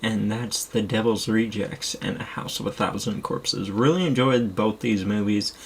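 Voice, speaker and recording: Gravelly-voiced young man rambling excitedly. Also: fairly low pitch, moderate pace, slight background noise. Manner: rambling, excitable, swears casually. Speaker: streamer showing his movie collection. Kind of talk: casual chat.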